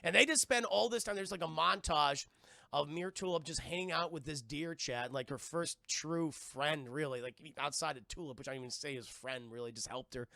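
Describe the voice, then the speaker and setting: A male streamer recapping a cartoon for his chat in a loose, excitable way, repeating words and swearing freely. His voice is a bit high for a man, bright and gravelly, recorded close and dry. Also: moderate pace, no room sound. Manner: animated and profane, repeats words. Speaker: streamer and reviewer. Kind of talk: casual live-stream commentary.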